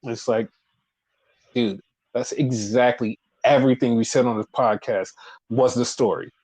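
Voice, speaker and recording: A man co-hosting a podcast, casually recapping wrestling in a profane, animated way. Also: mid-range voice, measured pace, rough recording. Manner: profane, animated retelling with put-on quotes. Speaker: podcast co-host.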